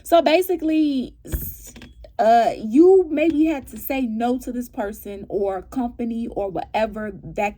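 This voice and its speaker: A woman giving a casual tarot reading to her viewers. She asks animated rhetorical questions and keeps checking in with "right?" and "okay?". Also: a little high. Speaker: tarot reader.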